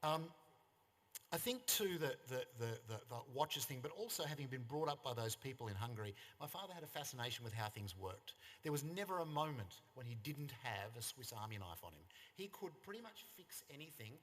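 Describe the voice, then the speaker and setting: Australian man, 50s, funeral eulogy, wry anecdotes, mid-pitched voice, long hall reverb. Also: big pitch swings, fairly quick, fairly bright tone. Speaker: son giving a eulogy. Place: funeral service venue.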